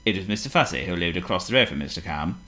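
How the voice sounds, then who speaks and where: A man reading a children's storybook aloud, theatrical and animated. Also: deep voice, quick pace. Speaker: narrator.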